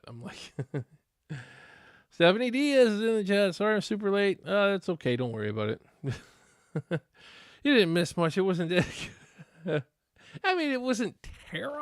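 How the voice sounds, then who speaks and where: A man's voice: on the high side, gravelly, dry recording, studio quality. A man hosting a casual live stream reaction, chatting to viewers in a rambling, easygoing way with many restarts.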